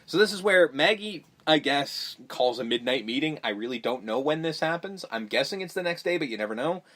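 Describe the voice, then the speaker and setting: A man's voice: fairly high pitch, expressive, brisk, fairly bright tone. Profane, rambling man recapping a movie. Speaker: podcast host. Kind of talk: casual movie recap chat.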